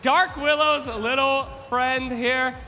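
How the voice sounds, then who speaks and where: A man hosting a quiz at a live event, loud and playful, teasing contestants and shouting out to the crowd. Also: very high-pitched, steady tone, takes it slowly. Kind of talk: energetic stage hosting to a crowd. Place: large live event arena. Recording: echoey arena hall with music.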